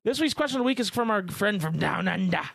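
A man's voice: high-pitched, expressive, quick pace, gravelly, a bit bright, no room sound. A man hosting a podcast in loose, jokey banter, swearing freely. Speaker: podcast host.

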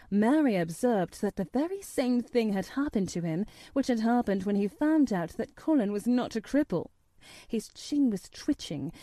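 A woman narrating an audiobook in a gentle, measured storytelling manner. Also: on the high side, dry recording. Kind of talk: audiobook reading.

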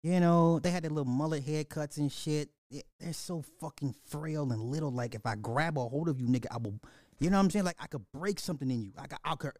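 A man's voice: a little high, quick pace, a little mellow, no echo, studio quality. A man ranting casually to his viewers in a movie review, swearing freely and laughing often between lines. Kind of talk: casual profane rant to camera.

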